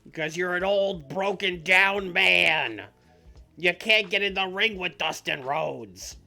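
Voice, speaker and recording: A man voicing a gloating, whiny male wrestling heel who taunts with slow, drawn-out mockery. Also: fairly high pitch, vocal fry, sharp tone, husky, faint music behind, voice pushed up, full character voice. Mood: taunting. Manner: taunting, drawn-out mocking delivery.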